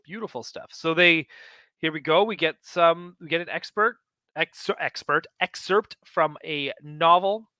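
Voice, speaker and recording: A man's voice: a little high, measured pace, bright, forceful tone, no echo. A man hosting a casual talk show, chatting enthusiastically and rambling with many fillers as he flips through a magazine. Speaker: host of a collecting show.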